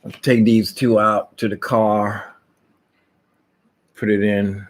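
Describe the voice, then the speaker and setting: A man's voice: on the low side, level tone, takes it slowly. A man casually vlogging at home, rambling and jumping between topics with many restarts.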